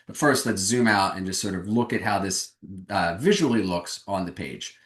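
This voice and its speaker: A man's voice: deep voice, moderate pace, reverberant. A man giving a webinar presentation on fundraising, speaking energetically and emphatically over a video call.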